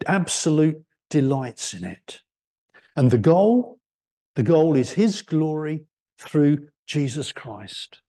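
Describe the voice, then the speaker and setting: A man preaching a sermon, explaining scripture in an unhurried way and lifting his voice on key words. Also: fairly high pitch, lively intonation, warm tone. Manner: unhurried expository preaching, rising for emphasis.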